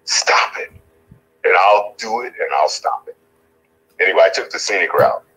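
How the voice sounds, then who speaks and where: A man's voice: low-pitched, lively intonation, brisk, a bit bright, slightly rough, poor audio. Earnest rambling man candidate. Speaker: political candidate. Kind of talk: interview answers.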